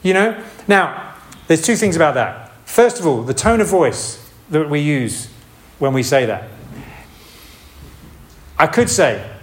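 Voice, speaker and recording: A man's voice: a little high, expressive, slow. A man giving a casual, rambling sermon. He restarts often and makes asides. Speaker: preacher. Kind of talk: informal sermon.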